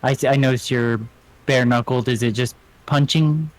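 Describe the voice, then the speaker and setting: A man's voice: mid-range voice, fairly even intonation, normal speed, lightly acted, poor audio. A man voicing a curious female adventurer who asks questions eagerly.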